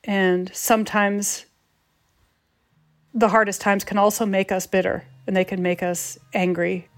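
A woman guest telling a personal story in a reflective, heartfelt way, pausing and restarting as she thinks. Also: medium pitch, level tone. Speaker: guest, advice columnist.

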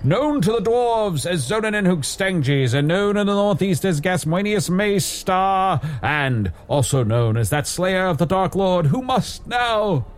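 Man playing a loud, boastful wizard. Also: sits high, lively intonation, unhurried, hardly any pauses. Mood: bombastic. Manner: bombastic, loud, then sheepish. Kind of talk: improvised comedy role-play.

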